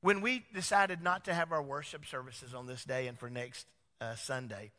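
A male pastor preaching a sermon, animated, with many rhetorical questions to the congregation. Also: mid-range voice, moderate pace. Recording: long hall reverb.

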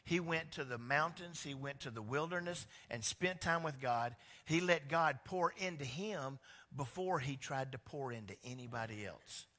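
A man's voice: medium pitch, moderate pace, sharp tone, in a large hall. A male pastor preaching a sermon in an emphatic, conversational way, building points through repetition with frequent restarts.

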